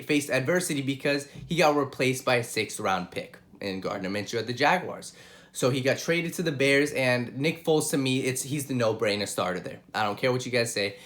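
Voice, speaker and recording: A man's voice: mid-range voice, a bit bright. Impassioned young male sports host. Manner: impassioned, repeats himself, addresses viewers directly. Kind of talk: solo sports commentary and opinion.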